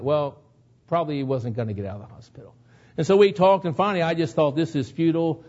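A man's voice: fairly high pitch, expressive, fast talker, darkish tone, dull audio. A man preaching a sermon, telling a personal story in an earnest way that builds to emotional moments. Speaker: pastor.

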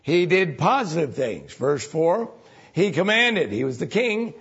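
A man preaching a sermon in a gravelly, husky voice that sits a little high. His delivery is folksy and conversational and often leaps up for emphasis. The recording sounds muffled and lo-fi, like an old church tape. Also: sing-song, unhurried, fairly bright tone.

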